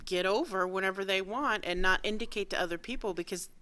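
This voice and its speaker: A woman co-hosting a casual chat show, blunt and profane, getting animated when riled up. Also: mid-range voice, quick pace. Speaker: podcast co-host.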